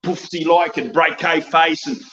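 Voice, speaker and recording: A man's voice: a little high, steady tone, unhurried, pushed and bright, highs cut off. An older Australian man, around seventy, rants bluntly and profanely as an interview guest, tagging "mate" onto nearly every line. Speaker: wrestling guest. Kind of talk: ranting interview talk.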